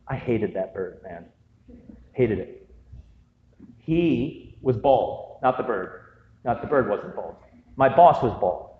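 A man's voice: medium pitch, a little hiss or hum. A man preaching a sermon as pastor, conversational and joking, with humorous asides. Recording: dull, echoey hall sound.

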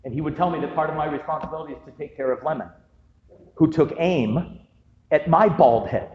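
A man's voice: on the high side, fairly quick, a little hiss or hum. A man preaching a sermon as pastor, conversational and joking, with humorous asides. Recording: dull, echoey hall sound.

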